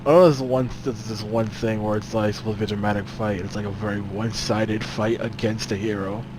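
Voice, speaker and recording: A young man co-playing, chatting in a halting, hesitant way. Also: fairly low pitch, fairly even intonation. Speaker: co-player. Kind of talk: casual gameplay chat. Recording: noisy game capture.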